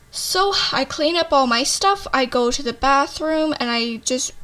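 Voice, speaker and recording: A woman's voice: sits high, a bit bright. A young woman casually telling a storytime tale, full of fillers and "like," and swearing freely. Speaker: vlogger.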